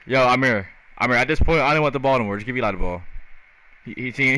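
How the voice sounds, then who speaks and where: Young guy talking over a ball game, laid back, slangy, kinda bright sounding. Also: mid-range voice, expressive, fast. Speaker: gaming streamer. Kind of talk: casual live gameplay commentary.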